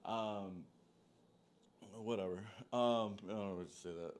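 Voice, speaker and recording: A man's voice: fairly low pitch, a little slow. A man telling a long story in a loose, profane, rambling way, full of "like" and "dude". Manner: animated, jumps between tangents. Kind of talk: casual storytelling monologue.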